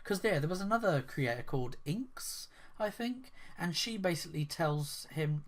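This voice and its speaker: A man's voice: on the high side, lively intonation, moderate pace. Guy ranting casually about gaming drama on his channel, kinda rambly and disbelieving, keeps restarting sentences. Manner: rambling, incredulous, with frequent fillers and restarts. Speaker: gaming commentary vlogger. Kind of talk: casual spoken commentary.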